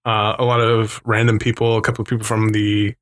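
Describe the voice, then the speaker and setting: A man's voice: lowish voice, monotone, brisk, a bit bright. A man co-hosting a podcast, telling stories in casual chat with a rambling, laughing manner and acting out the voices of people he quotes. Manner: rambling storyteller who acts out quoted voices; laughs often between remarks. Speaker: podcast co-host.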